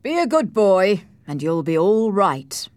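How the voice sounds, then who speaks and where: A woman's voice: mid-range voice, sing-song, unhurried, darkish tone, no echo. Lady reading a harsh scheming guy, bossy and sarcastic, swoops around, dry close audio. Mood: commanding. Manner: commanding, cold, sarcastic. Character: harsh scheming male landowner, grown man.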